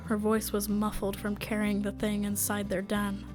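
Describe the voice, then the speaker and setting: A woman narrating a story in a steady, measured way. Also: mid-range voice. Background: faint music.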